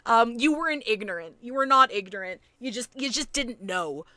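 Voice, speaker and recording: A woman's voice: on the high side, animated, normal speed, sharp tone, no room sound. A woman streaming a game and chatting with viewers, agitated and rambling with many restarts and apologies. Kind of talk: casual live-stream chat with viewers.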